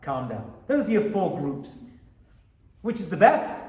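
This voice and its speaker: A rabbi lectures with a high, lively voice that swings up and down as he keeps asking his audience questions. He sounds set back from the mic, and the room around him echoes. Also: measured pace, pauses often, recorded from a distance. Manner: animated, asks the audience questions.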